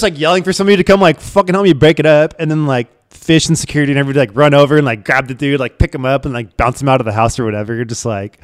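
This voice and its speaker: A man's voice: fairly high pitch, very fast, few pauses. A young man co-hosting a casual chat, rambling through a story, swearing and laughing often. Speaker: co-host.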